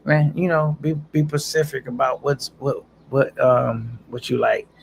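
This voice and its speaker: A man's voice: mid-range voice, fairly even intonation, unhurried, creaky, slight background noise. A man casually chatting on a live stream, reading viewer comments aloud in a laid-back, slangy way and laughing often.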